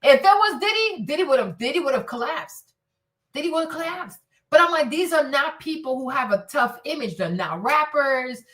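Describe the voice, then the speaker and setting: A woman giving blunt, profane, animated reaction commentary, often laughing and raising her voice. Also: high voice, moderate pace, distant mic. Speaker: commentary streamer.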